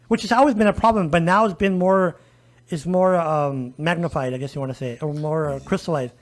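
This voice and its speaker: Male podcast guest, high voice, emphatic advocate, keeps checking in with the audience. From El Paso area, US. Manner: emphatic, repeatedly addressing listeners with "folks" and "okay?". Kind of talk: conversational podcast interview.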